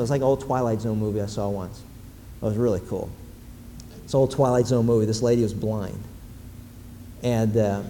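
A man preaching a sermon, animated and emphatic, building to loud repeated exclamations. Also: mid-range voice, a little hiss or hum. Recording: long reverb in a large hall, faint ambience.

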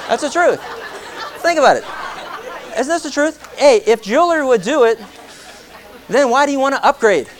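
A man preaching a sermon, animated and joking, firing rhetorical questions at his congregation. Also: very high-pitched, normal speed, pauses often, some chatter behind. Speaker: pastor.

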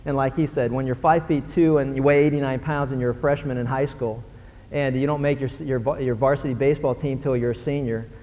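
A male pastor preaching a sermon in an animated way, acting out grumbling voices. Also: mid-range voice, brisk, long reverb tail.

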